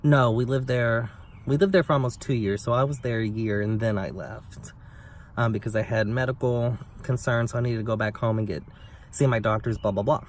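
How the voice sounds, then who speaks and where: A young man telling a story on his vlog in a blunt, sassy, profane way, with big swings in pitch. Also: fairly even intonation, brisk. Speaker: vlogger. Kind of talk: casual storytime rant. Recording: somewhat distant mic with faint background noise.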